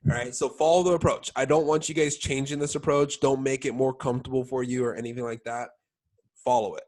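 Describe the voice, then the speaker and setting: A man's voice: mid-range voice, steady tone, fairly quick, a little mellow. A young man coaching his sales team in a casual training talk, full of "like" and "all right?" check-ins. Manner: filler-heavy, keeps checking in with "all right?".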